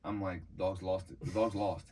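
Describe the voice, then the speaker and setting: A man telling a story on a podcast in casual chat, animated and profane, acting out the voices of the people in it. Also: low voice, moderate pace, far from the mic, a little hiss or hum. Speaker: podcast co-host.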